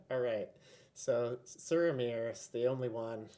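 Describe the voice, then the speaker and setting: A man runs a tabletop game as game master, narrating scenes and calling for rolls. He talks in a relaxed, chatty way, full of fillers. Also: medium pitch, slow.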